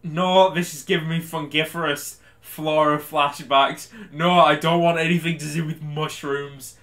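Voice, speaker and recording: A man's voice: a little high, fairly even intonation, unhurried, a bit bright. A young man casually commentating on a game he is playing, ranting, swearing and laughing often. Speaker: game reaction host.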